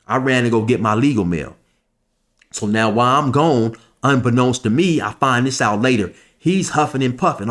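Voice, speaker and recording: A man's voice: mid-range voice, animated, normal speed, a bit bright. A man telling a personal story in a loose, conversational way, with frequent asides. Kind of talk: casual storytelling.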